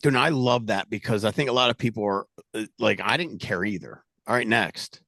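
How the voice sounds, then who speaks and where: A middle-aged man leading a sales team, talking loudly and animatedly in a casual coaching chat. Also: lowish voice, brisk, creaky, dry recording. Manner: loud, animated, talks with his hands.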